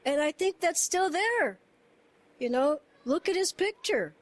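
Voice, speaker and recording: A woman's voice: extremely high pitch, animated, measured pace. A woman giving an informal spiritual talk, telling personal stories earnestly and animatedly, laughing often and repeating phrases. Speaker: satsang speaker.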